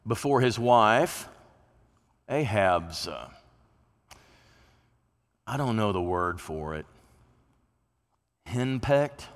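A man preaching a sermon from a church pulpit in a folksy, conversational way, sometimes acting out the voices of people he quotes. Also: on the low side. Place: church sanctuary. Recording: long reverb of a church hall.

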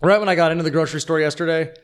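A young man talks quickly in a relaxed podcast conversation. His voice sits slightly high. He rambles and vents, leaning on fillers as he goes. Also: clear, resonant tone. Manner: rambling, venting with lots of fillers. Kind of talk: casual chat.

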